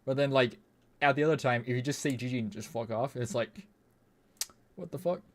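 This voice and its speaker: A man's voice: medium pitch, brisk. Profane rambling male game streamer. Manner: rambling, profane, laughs often. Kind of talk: casual gaming commentary.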